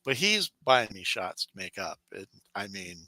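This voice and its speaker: A man's voice: sits low, moderate pace, pushed and bright, no room sound, rough recording. A man co-hosting a podcast, telling workplace stories in casual chat, acting out the people he quotes and laughing often. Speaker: podcast co-host.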